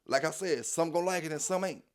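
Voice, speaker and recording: Preachy man talking dogs, higher voice. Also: fast. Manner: repetitive, preachy street talk, fillers "you know what I'm saying". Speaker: dog news channel host. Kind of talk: casual monologue to viewers.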